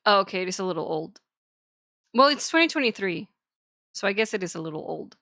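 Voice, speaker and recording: A woman's voice: mid-range voice, lively intonation, brisk, bright, forceful tone, no room sound, clean studio sound. A woman streamer ranting in casual chat to her viewers, swearing a lot and sounding exasperated.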